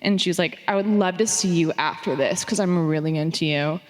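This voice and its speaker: A young woman from Phoenix tells a family story on a theater stage, animated and profane, acting out the lines she quotes. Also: fairly low pitch, brisk. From Phoenix, Arizona. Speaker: audience member sharing a story on stage. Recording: long theater reverb.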